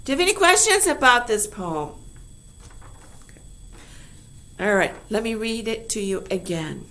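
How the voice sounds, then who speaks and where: Woman, teacher, fairly high voice, chatty, keeps asking "okay?", explaining a poem. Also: big pitch swings, moderate pace, sharp tone, slight background noise. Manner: chatty, checks in with "okay?" often.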